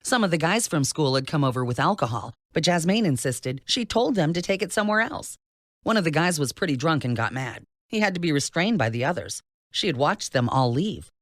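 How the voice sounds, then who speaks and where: A narrator reading a novel aloud in an expressive, scripted style. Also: fairly quick, no echo, studio quality. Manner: expressive reading with lively pitch. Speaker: audiobook narrator.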